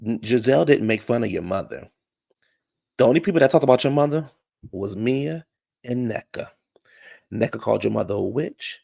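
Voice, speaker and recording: A man's voice: medium pitch, lively intonation, moderate pace, vocal fry, long pauses, a little mellow, dry recording, clean studio sound. A man recapping a reality show in casual, blunt, profane commentary.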